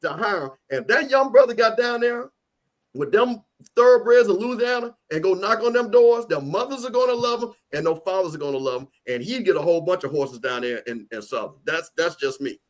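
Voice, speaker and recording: A man's voice: high voice, animated, a little fast. A man co-hosting a casual sports talk show, making his points emphatically and repeating them for stress. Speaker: co-host.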